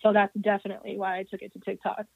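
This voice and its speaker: A woman's voice: mid-range voice, monotone, quick pace, creaky, breathy edge, no echo. A woman guest speaking in a plain, hesitant way with fillers in a casual interview, over a tinny phone line.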